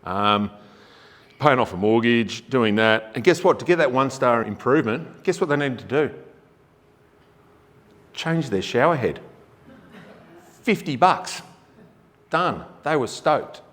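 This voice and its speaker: An Australian man with a lowish voice gives a casual but emphatic public talk, throwing rhetorical questions at the crowd. His voice carries a long echo from a large hall. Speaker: energy efficiency presenter. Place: forum venue hall. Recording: reverberant hall.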